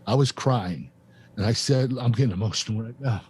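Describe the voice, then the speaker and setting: A man in his fifties hosts a podcast and recounts a painful chapter of his life. He speaks earnestly and haltingly, circling back with fillers and restarts. His voice sits at an ordinary middle pitch. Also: darkish tone, husky. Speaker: podcast host and former wrestler. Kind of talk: emotional personal storytelling.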